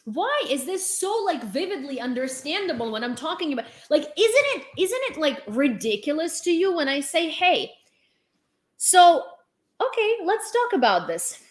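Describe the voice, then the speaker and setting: A young Ukrainian woman rants on her vlog in heated commentary, exasperated and sarcastic, swearing and firing off rhetorical questions. Her high voice is very animated at a moderate pace.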